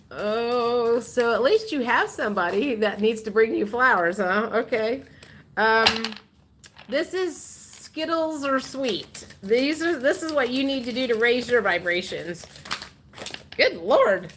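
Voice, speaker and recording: A woman's voice: on the high side, a bit bright. A woman hosting a casual tarot livestream, chatting and reading viewer comments aloud, laughing often.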